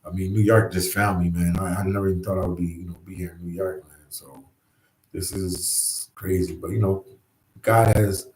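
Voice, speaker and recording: A man's voice: low voice, little pitch movement, normal speed, a little mellow, echoey room, a little hiss or hum, poor audio. A man hosting a casual livestream, reading viewer comments and chatting in an easygoing way, repeating himself and often saying "man". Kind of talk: casual live chat. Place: New York.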